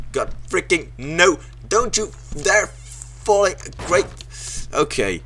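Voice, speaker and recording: A young man who isn't a native English speaker does sarcastic let's play commentary. His voice is high-pitched and slow, with big swings in pitch. He curses a lot and yelps and shouts at the game.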